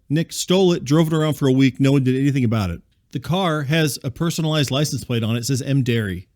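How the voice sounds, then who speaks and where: A man hosting a comedy podcast, telling a rambling story in a deadpan, conversational way. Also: mid-range voice, dry recording, studio quality. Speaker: podcast host and narrator. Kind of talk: comedic monologue.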